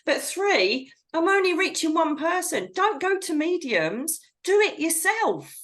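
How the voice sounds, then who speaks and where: A woman's voice: extremely high pitch, sing-song, measured pace, a bit bright. A middle-aged woman speaking over a video call as a psychic medium guest, talking bluntly and with animation and frank slang. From Britain. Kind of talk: casual interview chat.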